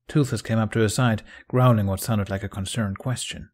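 Husky low-voiced guy reading fanfic aloud, calm and even. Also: a little fast. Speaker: narrator. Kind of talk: fan fiction audiobook reading.

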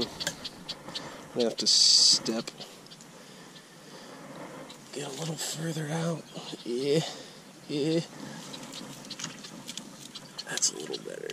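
Over background noise, a medium-pitched man hosts a casual fishing vlog, talking in an easygoing, self-amused manner. The channel host is filmed outdoors at a pond and also at home with a bait tank.

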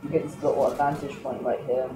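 A man's voice: medium pitch, flat delivery, quick pace. A man giving gameplay commentary, complaining melodramatically and cursing in bursts. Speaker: gaming video maker. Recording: roomy, distant mic with noise.

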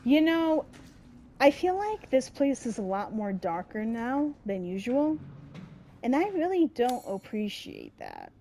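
A woman's voice: a little high, huge pitch swings, unhurried, warm tone. A woman giving casual horror game commentary, grumbling to her viewers and swearing often, with sudden screaming outbursts. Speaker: let's-play gamer.

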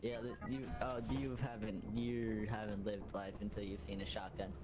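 A man's voice: on the low side, little pitch movement, normal speed, darkish tone, soft background music. A young man in casual gaming chat, teasing and slangy in a playful way. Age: young adult. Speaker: gaming co-player.

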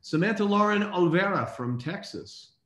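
A man's voice: high-pitched, animated, a bit bright, reverberant. Upbeat man hosting a call. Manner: upbeat, reads names briskly. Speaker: host. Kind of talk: casual call recognition.

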